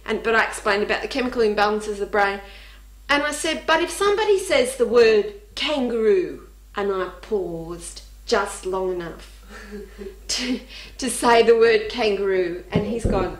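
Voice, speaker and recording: An Australian woman with a high, bright voice spins humorous stories from her own life. She is animated, laughs easily and acts out the voices. The recording carries a noticeable room echo. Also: unhurried. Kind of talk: humorous personal storytelling.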